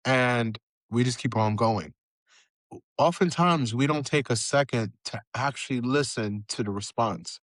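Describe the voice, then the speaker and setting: A man's voice: medium pitch, measured pace, a bit bright, no room sound. A man hosting a podcast interview, who asks long reflective questions with many filler phrases. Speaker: podcast host. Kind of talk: interview conversation.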